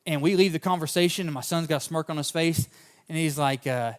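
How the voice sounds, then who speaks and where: Male pastor, slightly high voice, sermon with homespun storytelling. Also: fairly quick. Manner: fervent at the open, then relaxed anecdotal storytelling.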